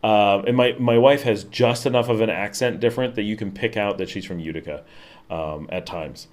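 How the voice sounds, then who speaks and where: A middle-aged man with a Buffalo accent, from Western New York, hosts a casual live stream and reads out viewer comments. His voice sits on the low side at a moderate pace, and his chat rambles with frequent fillers and restarts.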